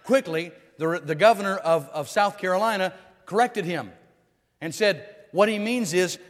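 Guy preaching a sermon, high voice, lots of repeats, big reverb around him. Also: moderate pace. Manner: emphatic preaching with repetitions and restarts. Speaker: pastor.

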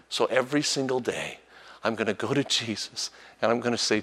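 An older man preaching a sermon as a pastor, telling a story about his grandson and switching between soft, reverent passages and lively storytelling. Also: moderate pace, slightly rough, big-room sound. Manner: storytelling, animated, voice jumps high when acting out a child.

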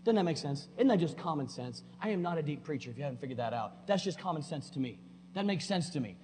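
A man preaching a sermon in a church, folksy and plainspoken, swinging between loud emphatic declarations and quiet conversational asides. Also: on the high side, animated, fast talker. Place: church sanctuary. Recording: long hall reverb with faint hum.

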